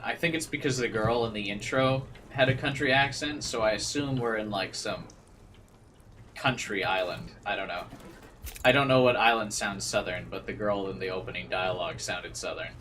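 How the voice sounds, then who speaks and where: A man's voice: on the low side, normal speed, a bit bright, far from the mic, slight background noise. A man streaming a game, chatting and joking in a rambling way. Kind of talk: gaming commentary.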